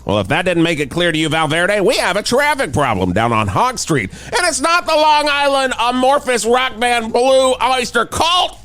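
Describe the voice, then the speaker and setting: A frantic radio traffic reporter, put on by a man, pitching his voice up high and yelping over the news. He swings wildly in pitch and tips into shouts with a gravelly edge. It is a comedy radio bit. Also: moderate pace, hardly any pauses, heavily acted. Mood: hyped. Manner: loud and excitable, breaks into shouting. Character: hyped-up male radio traffic reporter, middle-aged.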